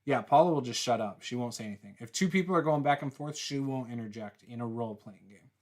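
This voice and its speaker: A man hosting a casual chat as game master, reading out viewer comments in a relaxed, teasing and rambling way. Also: mid-range voice, fast.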